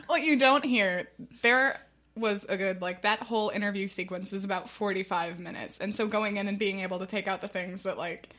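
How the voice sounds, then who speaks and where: A woman guest on a podcast, chatting and laughing a lot, with quick asides. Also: medium pitch, sharp tone. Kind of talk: casual chat.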